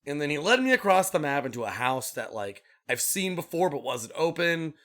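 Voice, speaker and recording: A young man co-hosting a podcast, chatting casually. His voice is bright and swings widely in pitch. He tells stories with lots of laughter and acts out other people's lines. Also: a little fast. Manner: animated storyteller who laughs often and acts out quotes. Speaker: podcast co-host. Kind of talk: casual chat.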